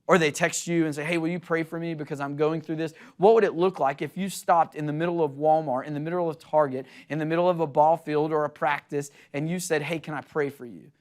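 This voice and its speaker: A young adult man preaching a sermon, earnest and animated, acting out quotes in an excited voice as he tells stories. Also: fairly high pitch, brisk, hardly any pauses. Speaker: pastor.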